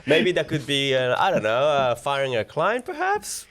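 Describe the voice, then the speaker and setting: A man hosting a podcast who chats casually and steers the talk with relaxed questions. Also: medium pitch, moderate pace. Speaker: podcast host. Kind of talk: casual conversational interview.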